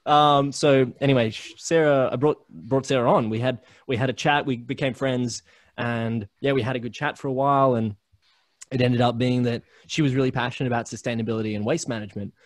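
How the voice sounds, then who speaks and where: A chatty Australian man, a podcast network founder appearing as a guest, speaks in a mid-range voice with fairly even intonation and a brisk pace. Recorded over a remote call with dry, close, echo-free sound, he tells stories in a casual interview, full of fillers and restarts.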